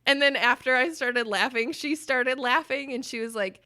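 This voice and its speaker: A woman co-hosting a podcast, telling stories in an animated way and breaking into loud laughter. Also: high-pitched, normal speed, hardly any pauses. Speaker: podcast co-host. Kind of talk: casual podcast chat.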